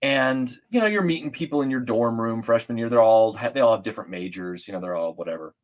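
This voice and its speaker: A middle-aged man from Atlanta, a guest telling stories in casual chat, rambling and animated with many restarts and fillers. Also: mid-range voice, fast talker.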